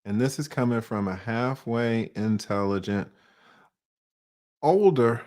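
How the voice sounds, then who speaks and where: A man's voice: mid-range voice, slow pace, darkish tone. A man in his forties with a Southern US accent talks straight to his viewers in a loose, conversational monologue. He sits in the middle of the male range and keeps asking himself questions before answering them. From Atlanta, US South. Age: 40s. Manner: conversational, poses rhetorical questions, uses slang. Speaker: online commentator. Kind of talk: casual monologue commentary.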